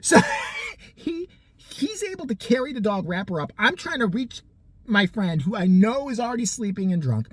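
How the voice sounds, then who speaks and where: A vlogger telling a personal story casually, animated, profane and sarcastic, acting out the people in it. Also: medium pitch, breathy edge, no echo.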